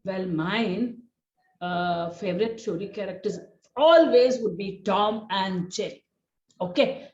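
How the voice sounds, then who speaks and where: A woman leading a storytelling session for children over a video call, animated and asking the kids questions. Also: mid-range voice, reverberant, dull audio.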